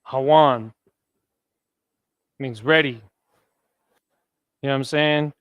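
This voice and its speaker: A man's voice: medium pitch, takes it slowly, fairly bright tone, clear, resonant tone, no room sound. A man teaching a class, talking casually and quizzing his students with questions. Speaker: Hebrew teacher. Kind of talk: classroom lesson.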